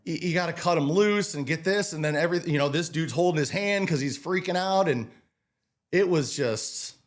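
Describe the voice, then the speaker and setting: A man in his twenties, a restaurant manager as a podcast guest, telling work stories in a casual, animated way and acting out what people said. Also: on the high side, moderate pace. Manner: animated storyteller, acts out quotes, swears casually. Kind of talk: casual interview storytelling.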